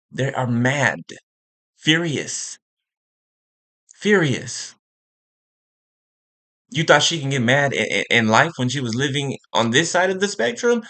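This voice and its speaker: A man's voice: lowish voice, sharp tone. A man giving an impassioned spiritual monologue, repeating phrases for emphasis and checking in with "right?" and "okay?". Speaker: spiritual speaker.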